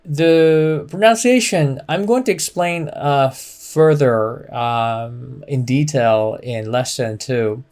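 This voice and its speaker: A man's voice: medium pitch, slow pace, hardly any pauses, darkish tone. A man teaching a beginner language lesson, explaining patiently with many fillers and modeling phrases for the listener to repeat.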